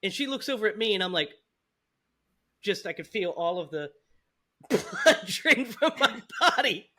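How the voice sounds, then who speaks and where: A man's voice: sits high, sing-song, unhurried, sharp tone. A man hosting a podcast, telling a story in casual chat with frequent laughs. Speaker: podcast host.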